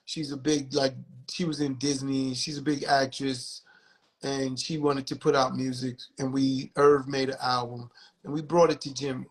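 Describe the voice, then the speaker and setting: A man's voice: medium pitch, little pitch movement, moderate pace, poor audio. A man in the music business telling a candid, profane story as a podcast guest, acting out other people's lines.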